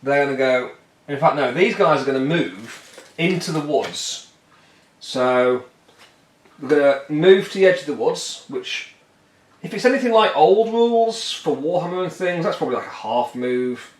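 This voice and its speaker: A man casually talking through a solo tabletop wargame, rambling and joking, with a fairly high voice. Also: expressive, normal speed. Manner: rambling and jokey, puts on silly voices for the miniatures. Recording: echoey room.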